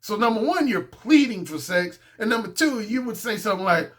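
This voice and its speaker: High-voiced blunt male dating coach. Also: animated, brisk, few pauses, a bit bright. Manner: blunt, profane and boastful. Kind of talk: casual monologue.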